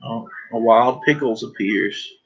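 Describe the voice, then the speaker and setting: Man, livestream host, casual joking chat, mid-pitched voice, dull lo-fi sound. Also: measured pace, breathy edge. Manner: joking, rambling, breaks into laughter. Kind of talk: casual live-stream chat.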